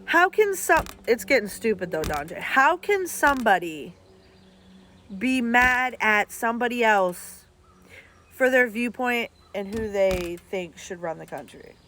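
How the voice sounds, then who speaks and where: A woman's voice: a little high, expressive, measured pace, a bit bright, a little hiss or hum. A woman, chatting casually and bluntly to her viewers as a streamer, swearing freely. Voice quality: blunt and profane, talks straight at viewers. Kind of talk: casual chat.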